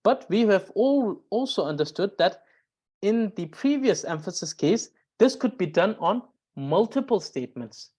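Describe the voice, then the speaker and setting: A woman teaching a grammar lesson, explaining carefully and often pausing with "uh" to restart a phrase. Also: mid-range voice, lively intonation, dark tone, husky. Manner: explains slowly with frequent "uh" pauses and restarts; reads out example sentences. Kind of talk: recorded language lesson.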